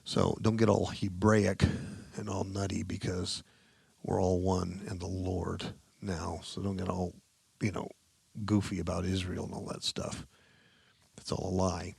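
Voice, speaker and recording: A man preaching a sermon with passion, repeating phrases for emphasis and swinging between low mutters and loud, stressed scripture readings. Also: little pitch movement, measured pace, vocal fry, slightly rough, dry recording.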